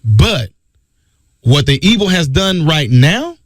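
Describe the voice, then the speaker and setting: A man's voice: on the high side, big pitch swings, slow pace, no echo, studio quality. A man hosting a talk radio show, delivering an emphatic, preachy monologue and repeating his key phrases.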